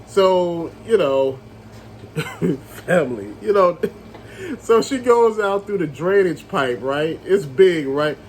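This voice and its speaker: Guy with a high voice retelling a monster movie, animated, laughs a lot, calls everybody fam. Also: slow pace, a little hiss or hum, poor audio. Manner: animated storytelling, acts out scenes, laughs, addresses viewers as family. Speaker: movie reviewer. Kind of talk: casual movie review rant.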